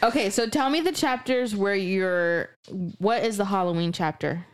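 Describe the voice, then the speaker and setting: A woman's voice: mid-range voice, normal speed, clear, resonant tone. A woman co-hosting a podcast, playful and slangy, laughing as she chats about books. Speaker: podcast co-host. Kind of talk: casual book club chat.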